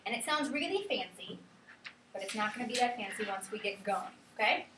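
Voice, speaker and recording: A woman teacher giving a classroom lesson, lively and chatty, often checking in with her students. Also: medium pitch, fairly quick, background noise. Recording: roomy classroom from a far camera.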